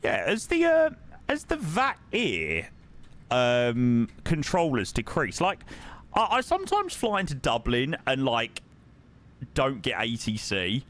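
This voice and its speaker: A young man chats casually and jokes with his viewers while flying. His pitch moves around a lot as he talks. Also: wildly swooping pitch, takes it slowly, fairly bright tone. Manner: chatty and joking, sings along to music. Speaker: flight sim streamer. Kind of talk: casual chat.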